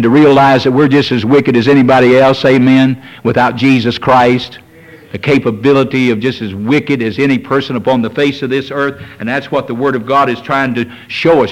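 An older man preaching a sermon as pastor, earnest and repetitive, pushing higher as he stresses a point. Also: rough recording.

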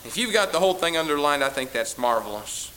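A man's voice: a little high, animated, quick pace, bright, forceful tone, slight background noise, low-quality recording. A male pastor preaching a sermon to a church congregation. He sounds tired, drives points home by repeating phrases, and has a teasing, sarcastic edge.

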